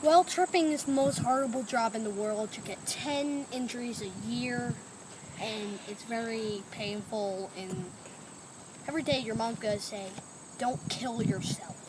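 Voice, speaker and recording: A young woman giving deadpan, mock-serious answers in an improvised spoof documentary, recorded outdoors. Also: on the high side, unhurried, noisy background. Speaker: interviewee playing several mock experts.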